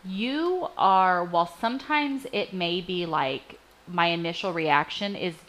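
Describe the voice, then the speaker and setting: Woman, forties, casual faith chat, affirming, animated. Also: on the low side, a little slow, rough recording. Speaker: co-host. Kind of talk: casual Christian podcast chat.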